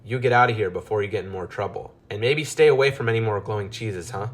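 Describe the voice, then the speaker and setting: A man's voice: fairly low pitch, fast talker, lightly acted. A man voicing an exasperated male mad-scientist mouse who grumbles and scolds wearily in a storybook tale.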